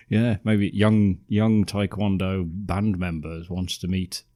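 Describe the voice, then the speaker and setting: Deep-voiced podcast co-host. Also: male voice, little pitch movement, slow, dark tone. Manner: dry, sardonic and often laughing. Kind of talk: casual chat reviewing a film.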